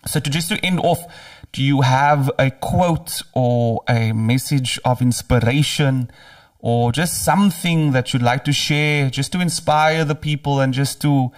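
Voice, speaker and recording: A man's voice: medium pitch, unhurried, distant mic. A man from Africa, hosting a casual podcast chat and often murmuring agreement. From South Africa. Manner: relaxed, frequent murmured agreement. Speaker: podcast host. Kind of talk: casual conversation.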